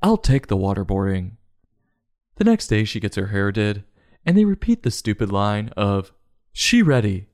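A man's voice: fairly low pitch, darkish tone, no room sound, clean studio sound. A man giving a comedic book review in a sarcastic, mocking tone.

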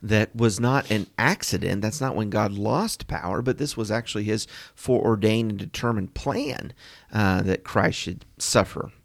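A man co-hosting a podcast, discussing a psalm in a thoughtful, halting way and searching for his words. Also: fairly low pitch, vocal fry, no echo. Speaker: podcast co-host. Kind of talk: casual Bible discussion.

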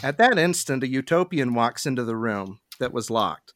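Deadpan podcast host reading comic synopses. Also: mid-range voice, normal speed, no room sound, clean studio sound. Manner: deadpan narration, frequent laughter.

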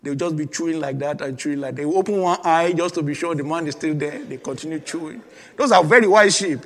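Male pastor, emphatic sermon delivery with call-and-response, slightly high voice, long hall reverb. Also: fairly even intonation, fast talker. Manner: emphatic preaching with repeated calls and congregation prompts.

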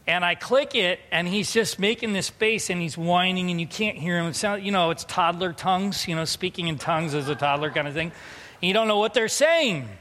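A man in his thirties preaching a sermon, telling personal stories and moving between quiet reflective passages and loud, emphatic calls to his listeners. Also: high-pitched, fairly quick. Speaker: pastor. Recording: long hall reverb.

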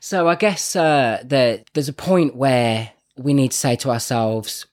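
A man talks through a podcast conversation at an everyday pitch. He rambles and laughs easily. His tone is loose and conversational. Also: unhurried. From Birmingham, England. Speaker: podcast co-host. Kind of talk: casual chat.

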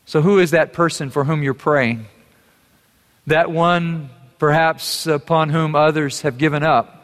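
Male pastor, earnest sermon delivery, slightly high-pitched, reverberant sanctuary sound. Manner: earnest preaching, rising to fervent emphasis. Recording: long hall reverb.

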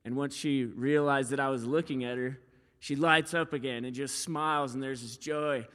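A man's voice: medium pitch, normal speed, long reverb tail. A young man preaching a sermon as pastor, in a casual, storytelling way with frequent fillers. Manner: casual, storytelling, animated when quoting.

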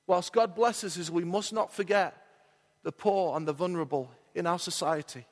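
High-voiced guy preaching a sermon, emphatic, drags out key lines, big echoey church hall. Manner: emphatic preaching with repetition and slowed, drawn-out key phrases. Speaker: pastor. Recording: long reverb of a church hall.

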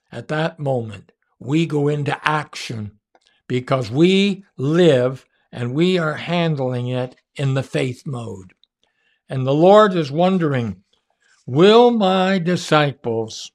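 Brief: male preacher, higher-pitched, gravelly, slow and earnest, emphatic with long pauses. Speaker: faith teacher. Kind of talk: sermon-style teaching.

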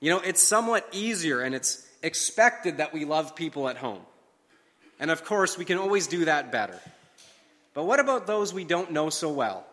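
A man delivers a sermon in an earnest, measured voice, leaning on key phrases with slow emphasis. His voice sits a little high for a man. Long reverb trails after his words, as if from a large hall. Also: very animated, fairly bright tone. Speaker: preacher.

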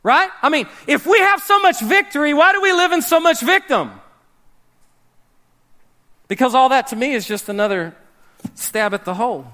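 A man preaching a sermon, animated, swinging between loud emphasis and hushed, dramatic drops. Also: extremely high pitch, normal speed, pauses often. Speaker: pastor.

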